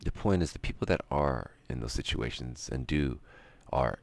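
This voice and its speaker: A man streaming, talking in a rambling monologue and ranting with drawn-out pauses. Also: lively intonation. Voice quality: very deep gravelly voice.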